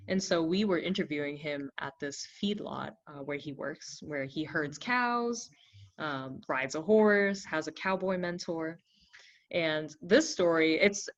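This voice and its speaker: A woman's voice: low voice, highs cut off. A young adult woman, a journalist and filmmaker, telling stories in an oral history interview and acting out what people said in a raised voice. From Brooklyn, New York. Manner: animated storyteller who acts out quotes in a raised voice.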